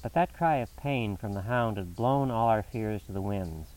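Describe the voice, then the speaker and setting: A man reading a classic novel aloud as a narrator, in a measured, dramatic storytelling manner. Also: lowish voice, darkish tone, recorded from a distance, low-quality recording. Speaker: audiobook narrator.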